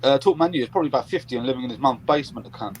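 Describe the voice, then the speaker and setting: A man's voice: medium pitch, racing, crowd noise. A man bantering crudely on a live football watchalong, swearing freely. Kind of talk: casual banter.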